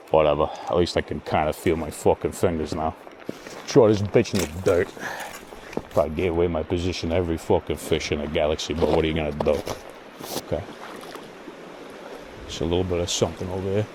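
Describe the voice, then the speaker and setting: A man's voice: deep voice, steady tone, brisk, noisy background. A man vlogging while fishing outdoors, muttering frustrated, profane commentary to himself. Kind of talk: casual solo commentary. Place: outdoors by cold water.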